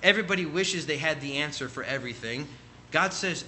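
A man's voice: mid-range voice, quick pace, pushed and bright, a little hiss or hum. A man in his thirties preaching a sermon in a church, earnest and repetitive, ending in prayer. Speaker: pastor. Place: church room.

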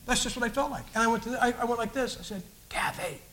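A man's voice: very high-pitched, flat delivery, very fast, fairly bright tone. A man giving a personal testimony as a guest preacher, telling his story in an earnest, folksy way with frequent restarts.

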